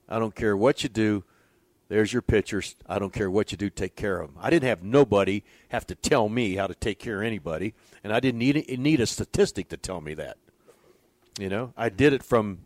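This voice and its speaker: An older man, a former pitching coach, telling stories in an interview with a folksy, animated manner, acting out the dialogue. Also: dry recording. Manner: folksy, animated storyteller who acts out quoted dialogue. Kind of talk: storytelling in a conversational interview.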